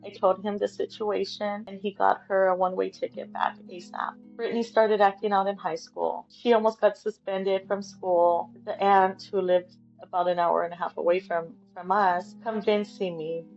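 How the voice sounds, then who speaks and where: A middle-aged woman speaks as an interview guest, telling an emotional family story and quoting the people in it. Her voice has a gravelly, creaky edge. The sound is muffled and lo-fi, with soft music underneath. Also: mid-range voice, steady tone, normal speed, few pauses. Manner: emotional, retells conversations by quoting them.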